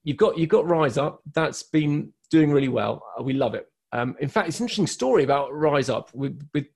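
A British man hosts a radio interview in an easy, conversational way. His voice has a faint husky edge. He is chatty and self-deprecating and laughs readily with his guests. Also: a little high, animated, a little fast, darkish tone. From United Kingdom. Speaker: radio host. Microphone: studio microphone, guests on a video call.

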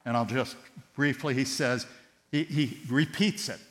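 A man preaching a sermon with passion, his voice surging loud on key words and then dropping to a hush. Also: medium pitch, measured pace. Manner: impassioned, swinging between loud emphatic rises and hushed tender drops. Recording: long hall reverb with mains hum.

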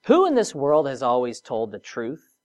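This sermon comes from a preacher with a medium pitch that swoops wildly. Quiet, lingering phrases give way to emphatic rises, and there are chatty asides and rhetorical questions throughout.

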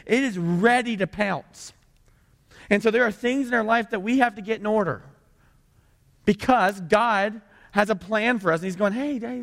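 A man's voice: sits high, creaky, fairly bright tone, long reverb tail. A male pastor preaching a sermon in a church, conversational and full of rhetorical questions. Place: church sanctuary.

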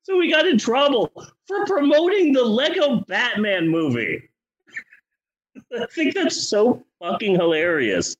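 A man's voice: very high voice, very animated, takes it slowly, highs cut off. A man co-hosting a podcast, reviewing a film in casual chat with sarcastic, profane remarks. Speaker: podcast co-host.

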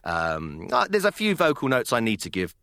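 British male co-host, expressive storyteller, very lively pitch. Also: moderate pace, no echo. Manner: animated, expressive. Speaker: podcast co-host. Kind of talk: casual chat and storytelling.

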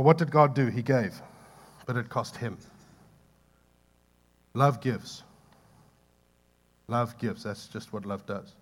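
Male pastor mid-sermon, impassioned, swings loud to soft, mid-pitched. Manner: impassioned, building to loud pleading peaks then dropping soft; conversational asides to the congregation.

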